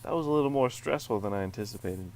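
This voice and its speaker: A man's voice: on the low side, animated, fast, a little hiss or hum. A man reading a visual novel's narration aloud in a playful, mock-dramatic way. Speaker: let's play co-host.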